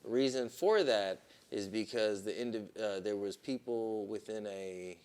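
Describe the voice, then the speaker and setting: Animated profane man telling a story. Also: measured pace, smooth. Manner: animated, profane, repeats "boom" and "right?". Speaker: podcast co-host. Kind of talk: casual storytelling.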